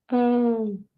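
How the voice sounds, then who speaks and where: A woman's voice: on the high side, phone-quality sound. A middle-aged woman hosting a live online sale, gushing over collectible figurines and reading out bids in a chatty way. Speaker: live online auction seller. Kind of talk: live-stream sale chat.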